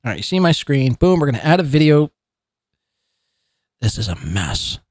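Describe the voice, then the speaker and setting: Lively, profane podcast host. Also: male voice, fairly high pitch, moderate pace, no room sound, studio quality. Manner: profane, mocking, rambling. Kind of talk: casual commentary podcast.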